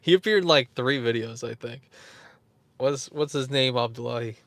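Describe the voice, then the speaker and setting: A man's voice: medium pitch, moderate pace, no echo. A man hosting a casual livestream, rambling, chuckling and answering viewers in the chat. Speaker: YouTube host.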